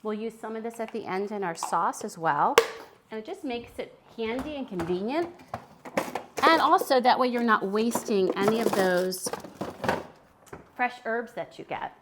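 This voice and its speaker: A woman's voice: a little high, moderate pace, very noisy. Chatty woman hosting a cooking stream. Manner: chatty, friendly, answers viewer chat while cooking. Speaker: cooking livestream host. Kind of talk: casual live cooking demo. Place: home kitchen.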